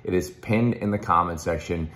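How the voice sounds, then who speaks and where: A man giving sports betting picks in a casual promotional pitch, hyped and pushy, full of fillers and restarts, his voice a little hoarse. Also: normal speed, a bit bright. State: slightly hoarse.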